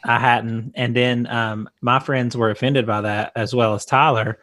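A man's voice: mid-range voice, steady tone, a little slow, a bit bright, dry recording. A man co-hosting a casual podcast, joking in a dry way and chuckling. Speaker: podcast co-host. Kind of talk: casual chat.

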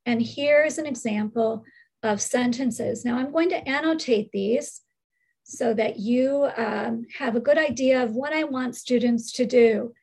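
A middle-aged woman, a reading specialist, slowly explaining literacy lesson steps and reading sample sentences in careful phrases. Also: on the high side, a little mellow, husky, poor audio. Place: screen-share recording.

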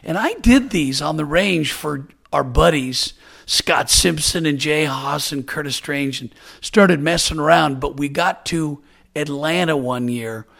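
A man's voice: fairly high pitch, a little slow, vocal fry. An older American man hosting a podcast, telling a story in a casual chat and acting out the people he quotes. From United States. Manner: animated storyteller who acts out quoted voices. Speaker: podcast host.

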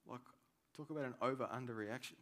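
A pastor preaches a sermon in an animated, conversational style, swinging between loud emphasis and quiet asides. His voice is mid-range and fast.

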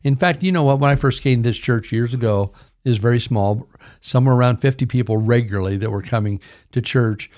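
A man's voice: medium pitch, a little fast, a little mellow. An older man, a pastor, preaching a sermon with emphatic delivery, often calling his listeners "folks". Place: radio broadcast.

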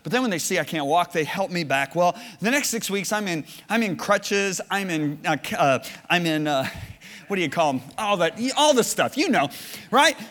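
A man's voice: sits high, normal speed. Man preaching in an echoey hall. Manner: storytelling, animated, with laughs and acted-out quotes. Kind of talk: sermon. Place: church or conference hall. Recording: reverberant hall.

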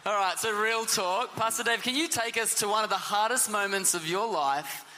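A man's voice: sits high, normal speed, pushed and bright. A man hosting an interview, asking questions in an upbeat way and laughing often. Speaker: interview host. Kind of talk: casual interview.

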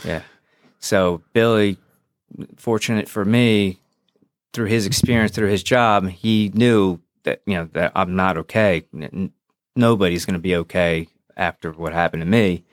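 A man's voice: sits low, a little slow, no echo, studio quality. A man and former police officer telling his own story on a podcast, frank and profane, acting out past conversations. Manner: frank and profane, re-enacts dialogue. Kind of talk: candid personal storytelling.

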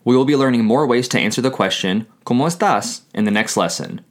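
A man hosting a podcast, teaching beginner Spanish in a scripted lesson and saying each phrase slowly twice. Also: medium pitch. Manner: slow, deliberate, repeats each phrase twice.

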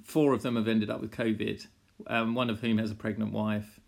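Man, gravelly, low-pitched, podcast co-host, hesitant, measured. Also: little pitch movement, a little mellow. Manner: measured, hesitant with frequent ums and restarts. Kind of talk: casual chat.

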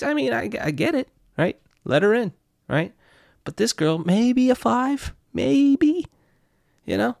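A man's voice: very high voice, unhurried, creaky, dry recording. Young guy ranting a wild story, cussing a lot, dry close sound. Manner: profane, excitable, keeps asking "right?". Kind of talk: casual anecdote.

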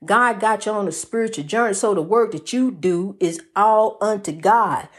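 A woman's voice: medium pitch, normal speed, slightly rough. A woman giving a preachy, motivational monologue with a sing-song delivery, repeating phrases and calling listeners honey. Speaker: inspirational speaker.

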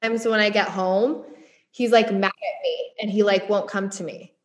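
A woman's voice: mid-range voice, fairly even intonation, normal speed. Woman, working mother asking for advice, hesitant and full of fillers. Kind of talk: casual personal conversation.

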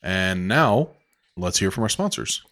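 A man hosting a podcast in casual chat, relaxed and talkative. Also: deep voice, a little slow. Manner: relaxed, chatty with fillers. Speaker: podcast host.

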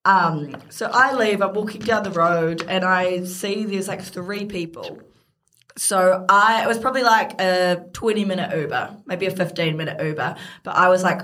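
A woman's voice: lowish voice, moderate pace, a bit bright. A young woman hosting a podcast, talking candidly and with emphasis in casual chat. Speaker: podcast host.

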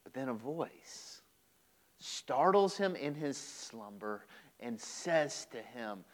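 A male pastor delivering a podcast sermon, telling a story dramatically with pauses and repeated words. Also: medium pitch, expressive.

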